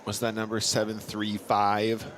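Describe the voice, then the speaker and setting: A man's voice: lowish voice, monotone, unhurried, background noise. A man co-commentating on poker in easygoing, friendly banter. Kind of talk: casual commentary chat.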